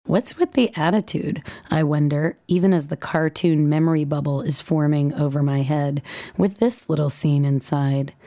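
Low, mellow-voiced woman reading wryly. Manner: wry, dryly humorous storytelling; acts out dialogue with lively pitch jumps. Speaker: writer reading her own blog entry. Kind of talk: first-person essay reading.

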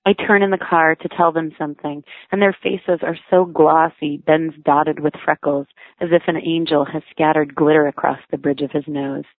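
A woman's voice: deep voice, steady tone, moderate pace, no room sound. A mother reading her own memoir aloud in a wry, reflective storytelling manner. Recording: thin phone-like sound, dry.

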